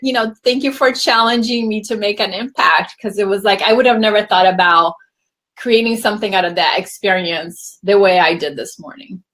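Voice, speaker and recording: A woman hosting a relaxed conversation, in a middle pitch. She talks in a chatty, storytelling way and acts out her own quoted lines. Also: normal speed. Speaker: host. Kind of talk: casual chat.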